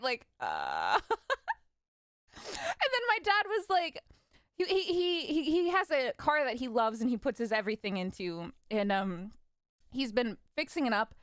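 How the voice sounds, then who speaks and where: Young female streamer, lively, mimics family members, bright upper register, dry booth sound. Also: sits high, moderate pace, clear, resonant tone, dry recording. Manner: animated, laughing, quotes parents in voices. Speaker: vtuber streamer. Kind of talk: casual storytelling.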